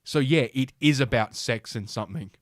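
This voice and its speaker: A man's voice: medium pitch, moderate pace, no echo, studio quality. Crude, mocking man reading aloud. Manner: crude, mocking, swears often, laughs at own jokes. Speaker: podcast host. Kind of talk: casual commentary while reading an article aloud.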